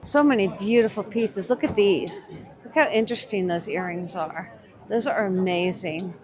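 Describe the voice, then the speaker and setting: A woman's voice: mid-range voice, normal speed, crowd noise. A woman giving casual, enthusiastic commentary while shopping at a winter market and admiring the crafts. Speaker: vlog co-host shopping a market.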